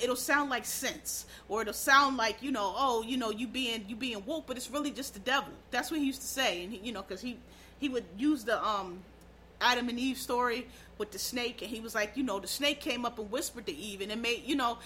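A woman's voice: high voice, bright, forceful tone, a little hiss or hum. A woman hosting a show, giving blunt, profane, emphatic commentary in casual talk.

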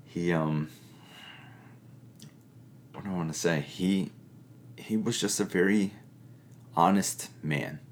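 A middle-aged man speaks in a very low, deep voice, teaching an audience about faith. He talks earnestly and reflectively, pausing often and searching for words as he goes. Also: slight background noise. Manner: earnest, reflective, with pauses and fillers. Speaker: pastor or teacher giving a talk.

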